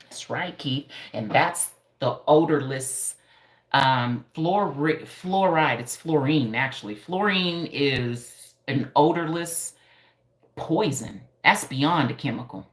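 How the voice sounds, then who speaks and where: A hairstylist from Denver chatting playfully on a live stream, laughing often and answering viewers' comments. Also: female voice, low voice, slow pace. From Denver, Colorado. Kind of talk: casual live-stream chat. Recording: echoey room.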